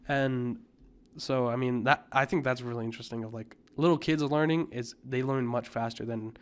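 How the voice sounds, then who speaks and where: A man's voice: medium pitch, steady tone, normal speed, smooth. A young man from the United States, co-hosting a podcast in casual chat, rambling with lots of fillers and restarts. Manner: rambling, many fillers and restarts, coughs now and then. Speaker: podcast co-host.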